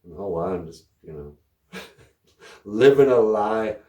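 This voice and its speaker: Slow, laughing man telling stories. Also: fairly low pitch, animated, a little mellow, roomy sound. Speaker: host of language podcast. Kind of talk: casual storytelling lesson.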